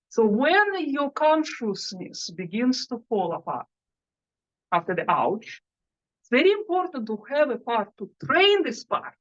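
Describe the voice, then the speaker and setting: A woman's voice: a little high, dull audio. A woman speaker giving a guided self-hypnosis talk, leading the audience through breathing exercises. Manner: animated, leads breathing exercises.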